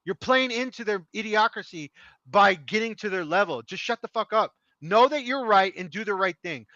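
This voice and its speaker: This middle-aged co-host's heated podcast rant comes in a high, expressive, sharp-toned voice at a moderate pace, impassioned, emphatic and profane. It's a dry recording with a dull lo-fi quality.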